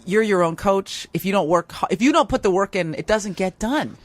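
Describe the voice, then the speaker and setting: A woman's voice: medium pitch, expressive, brisk, no echo. A woman hosting a comedy talk show, chatting eagerly with her guest and swearing casually. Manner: enthusiastic, agreeable, profane. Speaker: podcast host. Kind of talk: casual interview chat.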